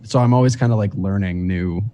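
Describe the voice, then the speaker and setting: A man's voice: low-pitched, a little fast, warm tone. A man guesting on a podcast, chatting casually in a rambling, joking way with trailing restarts. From United States. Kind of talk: casual chat.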